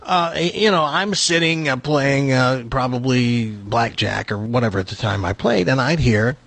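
A man's voice: medium pitch, normal speed, gravelly, no room sound. An older man telling a story in casual chat, acting out the voices of the people in it. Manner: animated, acts out voices in his anecdotes. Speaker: show regular telling a story.

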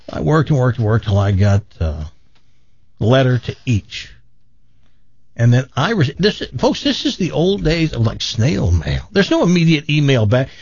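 An older man telling stories from his past in a relaxed, self-deprecating way, with a dull, muffled sound. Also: medium pitch, a little slow, gravelly, breathy edge, no room sound. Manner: animated, self-deprecating, acts out quoted voices. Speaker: guest telling his life story. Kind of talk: casual storytelling.

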